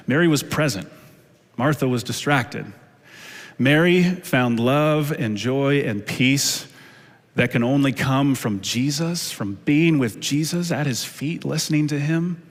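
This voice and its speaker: A man's voice: medium pitch, lively intonation, moderate pace. A middle-aged male pastor preaching a sermon in a conversational, storytelling way with many fillers. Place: church sanctuary. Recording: long church hall reverb.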